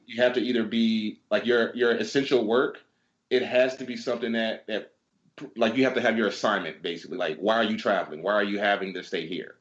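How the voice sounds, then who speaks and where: Fast-talking man telling stories loosely. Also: lowish voice, muffled recording. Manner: animated storyteller, swears freely, acts out exchanges. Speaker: podcast co-host. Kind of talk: casual chat, storytelling.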